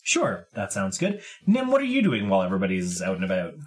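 A man's voice: sits low, huge pitch swings, fast talker, a little hiss or hum. A man running a tabletop game as game master, describing scenes in a loose, rambling way with many fillers.

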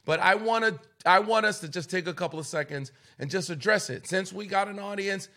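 A man, a pastor hosting the show, speaking in blunt, forceful casual conversation. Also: sits high, brisk. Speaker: pastor and podcast host.

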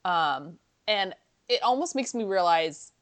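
A woman co-hosting a casual podcast, chatty and quick to laugh as she recaps scenes. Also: medium pitch, expressive, clear, resonant tone. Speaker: podcast co-host. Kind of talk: casual chat.

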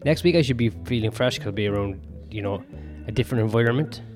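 A man's voice: lowish voice, fast, over music. A young man hosting a podcast alone, rambling and swearing in a self-mocking way. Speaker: podcast host and comedian. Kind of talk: solo rambling podcast monologue.

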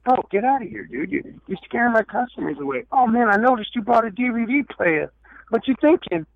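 A man voicing a pushy male hustler hanging around a yard sale, in high street-hustler patter. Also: expressive, brisk, creaky, phone-quality sound, slight background noise, heavily acted. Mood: hustling.

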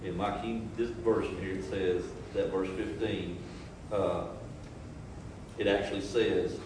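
A man in the congregation speaking up during a sermon, reading scripture aloud in a halting way. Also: sits low, fairly even intonation, reverberant, distant mic, noisy background. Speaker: congregation member.

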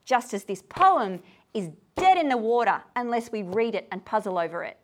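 Woman, slightly high voice, tired, animated, lecturing a group, checks if listeners follow. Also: normal speed, slight background noise. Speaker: lecturer on poetry. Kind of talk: talk to a group. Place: room with a gathered group.

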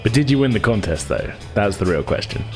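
Low-voiced laid-back game master. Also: male voice, sing-song, brisk, darkish tone, faint music behind. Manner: casual, chuckling, filler-heavy. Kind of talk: narrating a tabletop game podcast.

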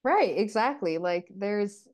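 A woman co-hosting a podcast, casually recapping and discussing a TV episode in a relaxed, chatty way full of fillers. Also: mid-range voice, takes it slowly. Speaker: podcast co-host.

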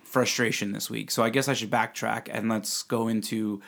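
A man's voice: fairly low pitch, steady tone, moderate pace, vocal fry, fairly bright tone. A man co-hosting a casual podcast, joking and telling long personal anecdotes as a parent of young kids. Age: adult parent of young children. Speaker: podcast co-host and client. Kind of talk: casual chat.

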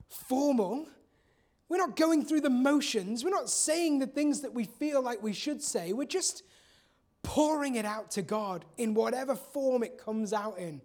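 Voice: medium pitch, a little mellow. A preacher giving a sermon in an earnest, conversational way, repeating key phrases for emphasis.

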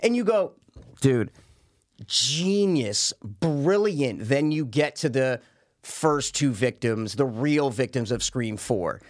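A man in his thirties, co-hosting a casual movie discussion, ranting with animated swearing. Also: medium pitch. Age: 30s. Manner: animated, swearing, fast-building rants. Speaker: podcast co-host.

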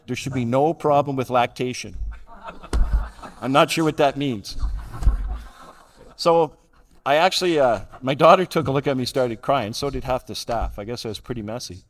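A man's voice: mid-range voice, moderate pace. A middle-aged man gives a humorous, self-deprecating personal talk as a guest speaker, chuckling at his own jokes. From Calgary, Canada. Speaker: guest speaker at a recovery roundup.

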